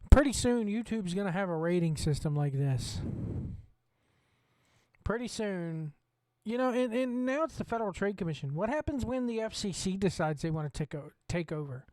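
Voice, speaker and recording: In a high-pitched, slightly mellow voice, a Southern American man rants and curses his way through a wrestling watch-along as its host. The recording has no room sound.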